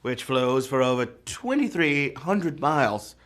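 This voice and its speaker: A man's voice: medium pitch, animated, measured pace, fairly bright tone. A man hosting a live trivia game show, joking playfully and breaking into whoops and sung bits.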